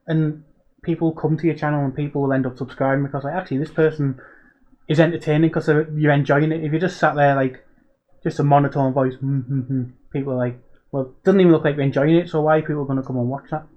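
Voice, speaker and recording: A man's voice: on the high side, fairly even intonation, fast talker, dull audio. A man, a guest on a podcast, telling chatty anecdotes with lots of fillers. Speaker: guest, content creator. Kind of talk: casual chat.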